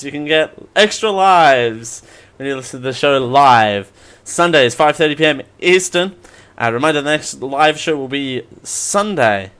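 A man's voice: a little high, animated, moderate pace, fairly bright tone, clean tone. A man hosting a live question show, rambling and self-mocking, laughing at his own jokes. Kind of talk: live stream Q&A.

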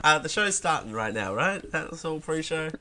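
A man's voice: on the high side, lively intonation, moderate pace, pushed and bright. A man hosting a podcast in casual chat, reading plugs and egging on his co-hosts. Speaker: podcast host.

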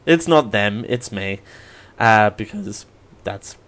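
A man's voice: lowish voice, lively intonation, a little slow, pauses often, fairly bright tone. A man hosting a live question show, rambling and self-mocking, laughing at his own jokes. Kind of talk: live stream Q&A.

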